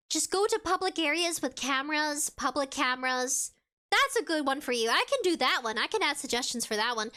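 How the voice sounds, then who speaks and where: A woman VTuber chatting casually on a live stream, rambling and filling pauses with "like" and "you know". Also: high voice, sharp tone. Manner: chatty and rambling, with frequent fillers.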